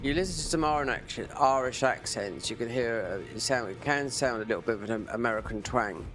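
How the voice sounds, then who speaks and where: A man's voice: mid-range voice, brisk, fairly bright tone, soft background music. A man chatting casually while streaming a game, rambling from one tangent to the next. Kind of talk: casual chat while gaming.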